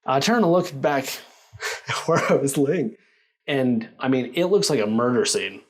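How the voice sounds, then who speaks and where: Male storyteller, mid-pitched, animated casual delivery, lots of fillers. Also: a little slow. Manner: animated, acts out quoted lines, filler-heavy; laughs while telling.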